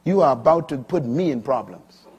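A man in his sixties preaching a sermon, swinging from quiet, low stretches to loud, high, emphatic lines. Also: lively intonation, normal speed, husky. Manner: dramatic swings from quiet to loud, rising pitch on key lines. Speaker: pastor.

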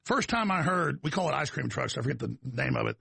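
A man's voice: medium pitch, big pitch swings, fast, creaky, bright, forceful tone, slightly rough, dry recording. A man with a Texas accent, hosting a talk show in a rambling, combative, folksy monologue that wanders off on tangents.

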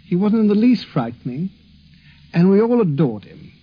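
Man with a slightly high, husky voice. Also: big pitch swings, normal speed. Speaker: interviewee recalling childhood. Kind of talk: archival reminiscence. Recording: dull lo-fi archive recording.

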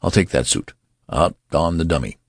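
A man's voice: extremely low pitch, moderate pace, husky, dry recording, studio quality, exaggerated voice. A man voicing a nervous, flustered middle-aged father who stammers and hurries in a story reading.

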